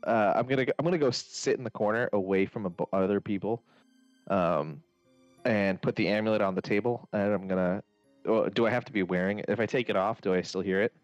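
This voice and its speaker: A man's voice: lowish voice, fast talker, no room sound. A man playing in a tabletop game, chatting casually and hesitantly with fillers. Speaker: player. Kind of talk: casual tabletop role-play chat. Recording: dry, muffled lo-fi with faint music.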